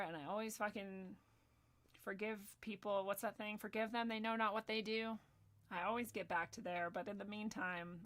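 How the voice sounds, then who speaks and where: A young woman giving heated personal commentary, swearing often and swinging between loud ranting and soft, quiet asides. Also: medium pitch. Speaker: video commentator.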